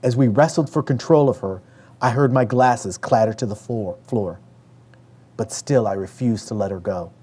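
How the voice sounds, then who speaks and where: A man from Western New York reading aloud from his own memoir in a measured way, raising his voice for the family members he quotes. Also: medium pitch, warm tone, slightly rough.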